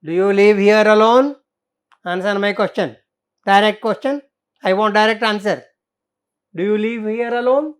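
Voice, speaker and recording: A woman with an Indian English accent reading the part of a rough male intruder who barks curt orders and demands answers. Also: mid-range voice, steady tone, normal speed, long pauses, close to an everyday voice. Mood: demanding.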